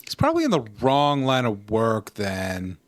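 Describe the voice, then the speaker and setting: Joking man podcaster, expressive and dry-miked, teasing his co-hosts. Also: medium pitch, normal speed, no room sound. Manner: wisecracking, teasing. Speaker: podcast co-host. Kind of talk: casual chat.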